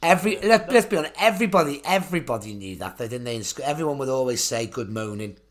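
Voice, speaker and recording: A man's voice: on the high side, very fast. A man, co-hosting a casual comedy podcast, rambling and laughing at his own jokes. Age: 30s. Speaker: podcast co-host.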